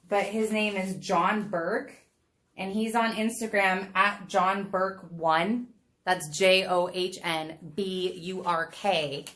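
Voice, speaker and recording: This is a woman's fairly low, slightly bright voice as she streams from home while painting. She keeps up bubbly, casual chat with viewers, laughing frequently, in an ordinary home room instead of a studio.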